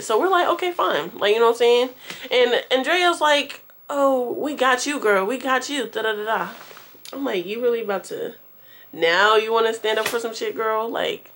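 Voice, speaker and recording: A woman's voice: mid-range voice, a bit bright, a little hiss or hum. A young woman vlogger telling a storytime tale to her viewers in a slangy, profane, chatty way. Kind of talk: casual storytime.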